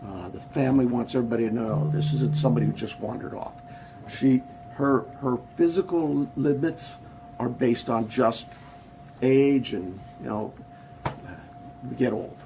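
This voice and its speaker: Gravelly male sheriff, halting and rambling at a press podium, faint room hum behind him. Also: medium pitch. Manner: halting, rambling, repeats words. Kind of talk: press conference answers.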